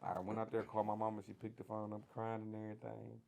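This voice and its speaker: A man with a Detroit accent telling his story in a casual interview, animated and slangy, acting out the voices of people he quotes. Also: lowish voice, quick pace, vocal fry. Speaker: guest sharing his prison story.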